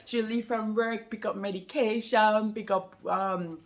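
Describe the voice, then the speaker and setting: A woman's voice: medium pitch, fairly even intonation, unhurried. A woman chatting casually to camera about being a new mother, rambling and laughing often, with a slight lingering cold.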